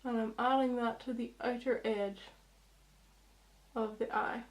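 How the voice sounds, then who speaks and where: A woman's voice: a little high, fairly even intonation, measured pace. A young woman, chatting through a makeup tutorial as a beauty vlogger, explaining each step.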